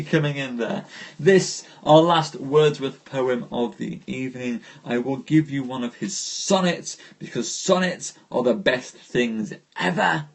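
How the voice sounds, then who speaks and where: A man hosting a live poetry stream, reciting verse slowly and dreamily, then chatting with viewers between poems. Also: mid-range voice, animated, vocal fry, breathy edge. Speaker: host reading poetry aloud.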